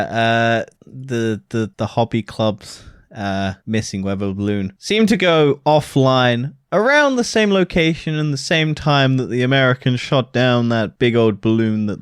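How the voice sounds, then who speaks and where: A man's voice: mid-range voice, lively intonation, smooth, no echo. British guy cohosting a podcast, teasing banter, voice bouncing all over, dry close sound. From Britain. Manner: teasing, quick banter with laughs. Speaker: podcast co-host. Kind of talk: casual chat.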